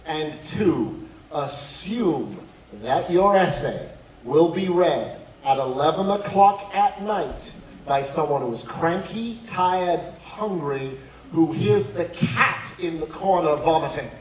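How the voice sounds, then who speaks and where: High-voiced guy telling funny stories at a school night talk, slow, roomy hall, far off mic. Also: slight background noise. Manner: animated, humorous storytelling. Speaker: speaker on college admissions. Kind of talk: talk to students and parents.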